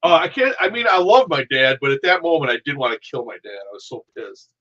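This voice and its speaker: A man from the American Midwest hosting a casual chat, telling a story in an animated, profane way on a dull lo-fi recording. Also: mid-range voice, fast talker.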